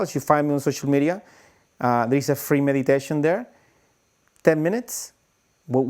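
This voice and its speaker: Male breathwork teacher, live stream, animated, slightly higher voice, demonstrates breathing with sighs.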